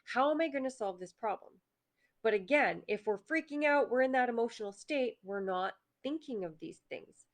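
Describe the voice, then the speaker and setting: A woman hosting a casual motivational talk, chatty and conversational, often acting out her own inner voice in quick asides. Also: on the high side, animated. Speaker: host.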